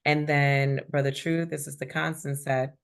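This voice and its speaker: A woman's voice: low voice, flat delivery, normal speed, gravelly. Affirming woman leading a spiritual group. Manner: affirming, reads chat comments aloud. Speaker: group facilitator.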